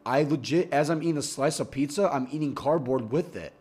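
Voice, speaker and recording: A man's voice: a little high, fairly quick, darkish tone. A young man telling a long, rambling, profane story in casual podcast chat, often repeating words as he gets going. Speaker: podcast guest.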